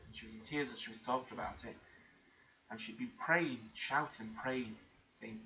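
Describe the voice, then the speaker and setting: This man vlogs at a moderate pace in a medium pitch, sharing an emotional story from his own life. His telling is earnest and rambling, full of restarts, and the lo-fi audio is muffled with faint background hiss.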